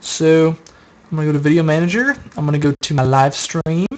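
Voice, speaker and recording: A man's voice: fairly high pitch, a little fast. A tired young man streaming late at night, chatting casually and answering viewer questions as he rambles. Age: young adult. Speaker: live streamer answering chat.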